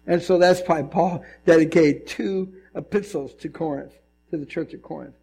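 A male pastor giving a conversational, animated sermon, often acting out voices in his stories. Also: a little high, moderate pace, gravelly, slightly rough.

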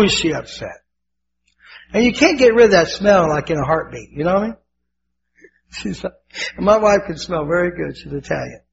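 Fervent older male preacher, gravelly. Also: fairly high pitch. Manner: fervent, emotional preaching with repetitions. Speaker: pastor. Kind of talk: sermon. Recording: dull lo-fi with faint hiss.

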